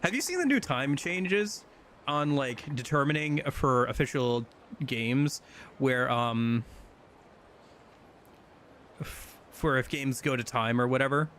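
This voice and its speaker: A man streams a video game and chats casually, rambling with lots of fillers and restarts. His medium-pitched, fairly bright voice is animated but slow, with frequent pauses and slight background noise.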